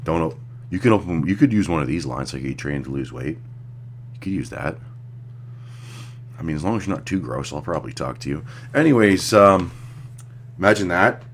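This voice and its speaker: A man's voice: low-pitched, lively intonation, fairly quick, pauses often, slight background noise. A young man giving crude, sarcastic reaction commentary on a clip, rambling and joking.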